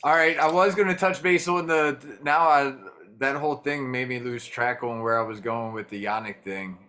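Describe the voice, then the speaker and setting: A man's voice: mid-range voice, steady tone, normal speed, sharp tone. A man in casual, easygoing chat on a video call with a songwriting group. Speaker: songwriting circle participant.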